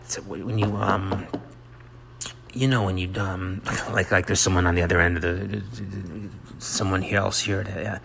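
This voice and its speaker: A middle-aged man hosting a rambling personal monologue, halting and self-mocking, often dropping into soft whispered asides. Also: low-pitched, steady tone, creaky, noisy background. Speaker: monologue host.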